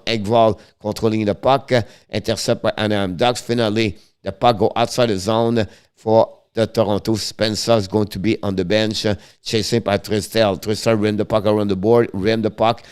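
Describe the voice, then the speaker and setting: A man with a French accent doing live-stream hockey play-by-play, rattling off each pass and player in quick, broken English. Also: on the low side, darkish tone, clear, resonant tone. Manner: rapid running commentary in broken English, names each pass. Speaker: play-by-play commentator and stream host.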